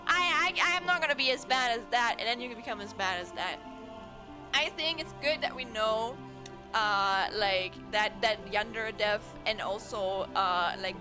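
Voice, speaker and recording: A young woman from Germany streaming casual chat with viewers, sleepy and giggling until she cries with laughter. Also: mid-range voice. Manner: giggly, laughs at her own jokes.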